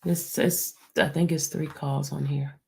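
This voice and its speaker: A woman hosting a livestream, speaking low and hushed, near a whisper, and answering her viewers in a blunt, defensive way. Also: steady tone, a little slow, gravelly. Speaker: livestream host. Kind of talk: livestream talk answering the chat.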